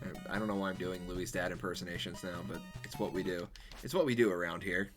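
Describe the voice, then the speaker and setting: A man's voice: sits low, fairly even intonation, quick pace, music in the background. A male streamer chatting casually and rambling while he plays a golf game. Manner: rambling, chatty, self-correcting. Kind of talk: casual chat while gaming.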